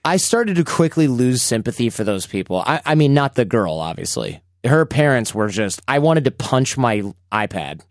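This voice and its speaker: A man's voice: medium pitch, very animated, normal speed, few pauses, dry recording, clean studio sound. A man hosting a podcast, chatting casually and telling stories animatedly. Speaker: podcast host.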